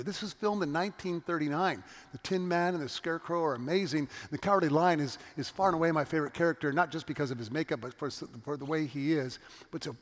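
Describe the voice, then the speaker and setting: A man's voice: fairly high pitch, a bit bright, big-room sound. A man preaching a sermon in an earnest, storytelling manner, often restarting his words. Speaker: pastor.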